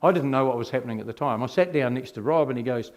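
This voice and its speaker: Giving his testimony, a middle-aged man from New Zealand recounts his life at a quick pace. His voice is of typical male pitch, and he speaks with animation while frequently asking the audience rhetorical questions.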